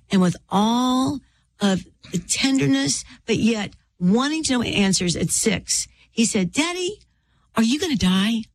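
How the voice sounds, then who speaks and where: Earnest woman in her 50s, author guest telling her faith story, middle pitch. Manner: earnest storyteller who acts out quoted voices. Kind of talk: personal faith testimony in an interview.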